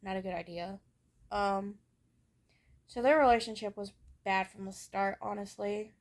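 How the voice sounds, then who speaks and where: While she has hiccups, a young vlogger speaks openly to camera about her childhood, wandering somewhat and filling gaps with fillers. Her mid-range voice takes an unhurried pace.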